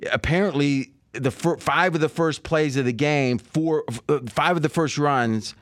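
A man's voice: on the high side, moderate pace, no echo. Male podcast host, casual betting talk, meandering, dry close sound. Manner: rambling, thinks aloud with many fillers and restarts. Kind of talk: casual sports betting chat.

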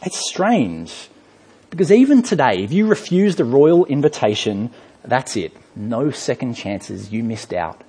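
A man preaching a sermon in a church, telling a story with lively rhetorical questions. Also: medium pitch, normal speed, slightly rough. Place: church hall.

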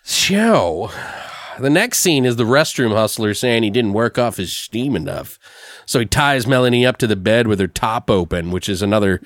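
A man hosting a podcast, recapping a film in an animated, profane way with frequent laughs. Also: medium pitch, normal speed, dry recording, clean studio sound. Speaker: podcast co-host reviewing a film. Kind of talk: casual chat.

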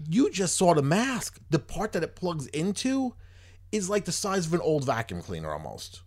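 A man's voice: a little high, very animated, normal speed, darkish tone. A man hosting a podcast, telling a long story in casual chat, rambling and exasperated, swearing freely. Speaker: podcast host.

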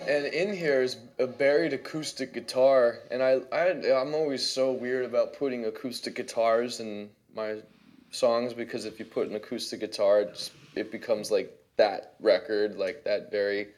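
A man's voice: medium pitch, steady tone, moderate pace, darkish tone. A man, a musician and producer, casually walking through how he built his song, chatty and loose with lots of fillers. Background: faint playback of his own track.

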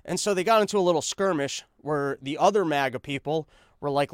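A man's voice: on the high side, fairly quick, no echo, clean studio sound. A man hosting a comedic news monologue, rambling and sarcastic, talking while he paces on a treadmill. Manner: rambling, sarcastic, full of fillers and restarts; talks while pacing on a treadmill. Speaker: podcast host.

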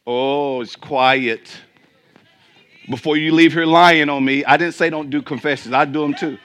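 A man preaching a sermon to his congregation, his voice a bit high and ringing bright. He drives his points home with emphatic peaks, drops into low asides, and keeps throwing questions out to the people in the pews. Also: fairly even intonation, unhurried. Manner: emphatic, swinging between loud climaxes and low asides. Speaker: pastor.

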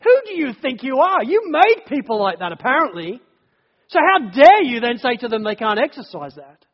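A man voicing a defiant modern man who indignantly shouts accusations at God. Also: sits high, lively intonation, normal speed, dull audio.

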